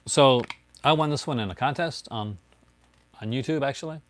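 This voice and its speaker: Speaking at a moderate pace in a medium-pitched voice, a disc collector hosts a casual livestream show-and-tell. He rambles, laughs a lot and greets viewers by name.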